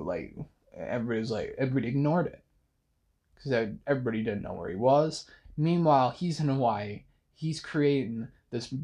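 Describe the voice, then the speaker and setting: A man's voice: mid-range voice, darkish tone, slightly rough. A young man talks through his thoughts in a loose late-night monologue. He rambles, trips over himself and restarts often, leaning on fillers as he goes. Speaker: podcast host.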